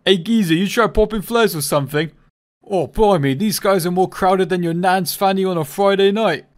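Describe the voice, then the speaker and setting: A man putting on a foul-mouthed male cockpit voice with a British accent, loud and mocking. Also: high-pitched, normal speed, pitched above the performer's own voice, close to an everyday voice. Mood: rude, mocking.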